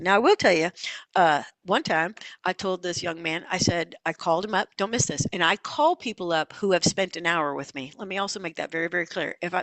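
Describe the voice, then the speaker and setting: Folksy woman coach telling lively stories. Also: lowish voice, no room sound. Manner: folksy, animated storytelling with asides. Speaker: leadership coach and instructor. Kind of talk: lively webinar teaching.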